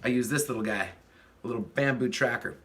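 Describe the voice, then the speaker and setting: A man's voice: medium pitch, a little fast, a bit bright. A man hosting a casual livestream chat, rambling as he greets viewers and reads their comments while fiddling with the stream. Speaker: livestream host.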